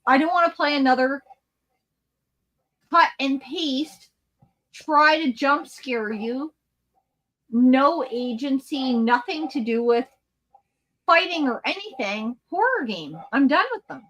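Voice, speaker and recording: A woman co-hosting a casual gaming chat, animated and blunt, swearing freely. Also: high-pitched, takes it slowly, pauses often, rough recording. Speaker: podcast co-host.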